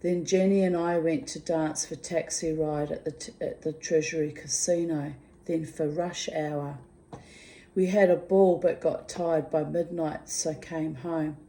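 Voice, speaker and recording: A woman's voice: sits low, steady tone, a little slow, dark tone. A woman talking candidly in a casual video diary, rambling and muttering asides to herself. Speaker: vlogger.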